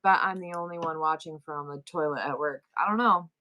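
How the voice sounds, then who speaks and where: A woman's voice: sits low, a little fast, pushed and bright. A middle-aged woman with a New York accent, hosting a live selling stream and chatting playfully with her viewers. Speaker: livestream seller.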